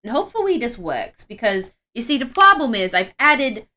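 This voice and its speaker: A woman's voice: a little high, sing-song, normal speed, pushed and bright. A young woman chatting casually on a live art stream, rambling with frequent restarts.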